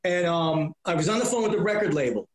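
High-ish voiced guy, middle-aged, cussing through old stories, roomy echo. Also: expressive, fast. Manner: profane, acts out voices in anecdotes. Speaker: comedian being interviewed. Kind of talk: animated storytelling.

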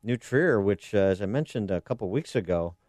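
A man's voice: fairly low pitch, lively intonation, fairly quick, darkish tone, dry recording, clean studio sound. A man hosting a talk radio show, delivering opinionated commentary and firing off repeated rhetorical questions.

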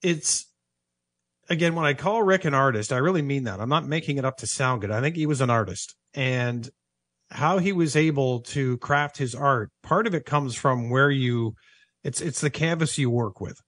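Earnest mid-pitched male sports broadcaster. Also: normal speed, fairly bright tone, no room sound, studio quality. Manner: thoughtful, earnest, repeats for emphasis. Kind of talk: reflective sports talk. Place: office.

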